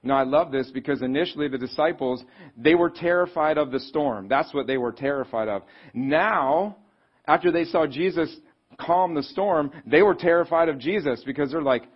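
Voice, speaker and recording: A man preaching a sermon in a conversational, animated way, reading scripture and acting out quotes. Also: on the high side, moderate pace, slightly rough. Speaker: pastor. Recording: slightly dull, lo-fi sound.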